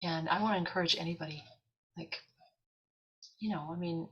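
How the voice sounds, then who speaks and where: A woman talking as a guest on a chat show, telling a story in an animated way and acting out what people said. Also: fairly low pitch, normal speed, slightly rough, muffled recording. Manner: animated, acts out quotes.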